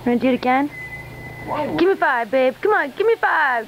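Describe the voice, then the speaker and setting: A woman's voice: high voice, lively intonation, unhurried, a bit bright, rough recording. A woman filming a casual vlog in a hotel room, talking in a cooing, doting way to her cat and laughing often. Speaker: vlogger and cat owner. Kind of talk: casual home-video vlog.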